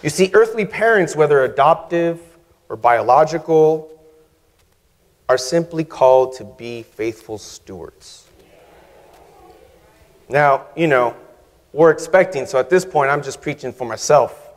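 A male guest preacher delivers a sermon slowly and deliberately, his fairly high voice rolling out in measured phrases with touches of humor. His words ring through a large church sanctuary with a long reverb. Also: expressive. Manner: measured, humorous, emphatic pauses.

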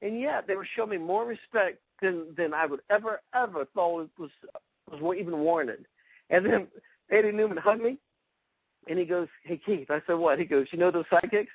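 A man from South Carolina with a high, husky voice tells stories from his years as a karate fighter, acting out the people he quotes. The sound is dry and dull, close and lo-fi. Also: brisk, no room sound. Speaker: guest, retired karate champion. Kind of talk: storytelling in a casual interview.

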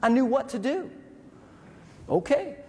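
A man with a fairly high voice delivers a vivid story in a speech, acting out sounds and voices. His voice carries a long reverb, as if in a large hall. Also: very animated, measured pace, warm tone, husky. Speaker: veteran speaker.

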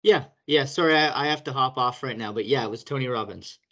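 A man speaks in a mid-pitched voice over a video call. The call audio sounds dull and lo-fi. He comes across as friendly and a little hurried. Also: pushed and bright. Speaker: webinar participant. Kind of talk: casual chat on a video call.

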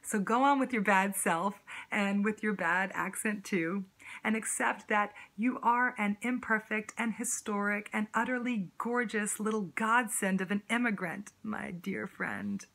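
A woman performing a spoken word poem, addressing the listener directly with a rhythmic, rhyming, sassy delivery that shifts between punchy emphasis and slow drawn-out lines. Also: medium pitch, steady tone, a bit bright.

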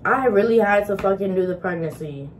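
A woman's voice: mid-range voice, animated, a little fast, slight background noise. A young woman vlogger talking frankly to her viewers, swearing freely and venting about her life as a single mom. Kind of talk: casual chat to camera.

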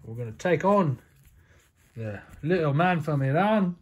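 A man's voice: fairly high pitch, expressive, a little slow, darkish tone, breathy edge. A man voicing a cheery male Australian wrestler toy during toy play, with a put-on Australian accent and a jolly, chatty manner.

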